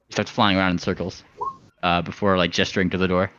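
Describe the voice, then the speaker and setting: A man's voice: low-pitched, flat delivery, fast, background noise. A man playing a tabletop game, casually describing what his character does. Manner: casual, laughing. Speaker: player. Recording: dull lo-fi recording.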